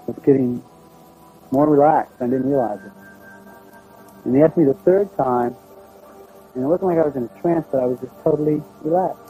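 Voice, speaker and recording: A man telling a personal story in a plain, halting, conversational way. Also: mid-range voice, narrow, tinny audio. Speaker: storyteller recounting a personal experience. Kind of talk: first-person spoken recollection.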